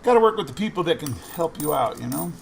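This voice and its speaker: Man, casual vlogger, rambling anecdote, gravelly voice, coins clinking behind, faint hiss. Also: on the high side, very animated, quick pace. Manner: rambling anecdotes, quoting others in conversation. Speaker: coin roll hunting vlogger. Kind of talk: casual storytelling while searching coin rolls.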